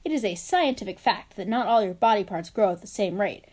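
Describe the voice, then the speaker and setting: A woman reading a children's novel aloud at a mid pitch, her voice mellow and warm. Her delivery is lively and expressive, in the way of storytelling. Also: brisk, slightly rough. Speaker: reader.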